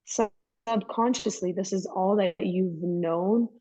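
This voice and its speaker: Speaking slowly in a medium-pitched, dark voice, a woman guest shares candid personal stories. She's emphatic and chatty and keeps addressing the listener as "girl," and the recording sounds dry, dull, and lo-fi.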